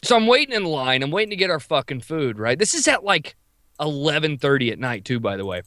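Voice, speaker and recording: A man co-hosting a podcast, telling a wild story in an animated, profane, quick-talking way. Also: a little high, no echo, clean studio sound. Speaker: podcast co-host. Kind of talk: casual storytelling.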